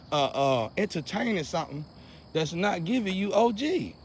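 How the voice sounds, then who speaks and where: A young man, ranting to camera in a preachy, repetitive way that swings between loud outbursts and low muttering. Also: very animated, normal speed, a little hiss or hum. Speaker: vlogger. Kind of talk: casual rant to camera.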